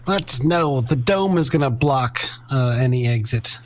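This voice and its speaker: A man narrating as game master of a superhero tabletop game, relaxed and hesitant, with many fillers. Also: mid-range voice, measured pace.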